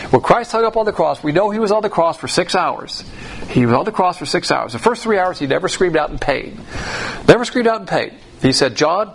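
A man preaching a sermon in an emphatic, blunt way, swinging between loud and hushed delivery. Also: fairly high pitch, creaky, a little hiss or hum, rough recording.

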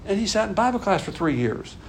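A man's voice: sits high, big pitch swings, quick pace, slight background noise. An older man preaching a conversational sermon, folksy and emphatic, repeating his points. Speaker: pastor.

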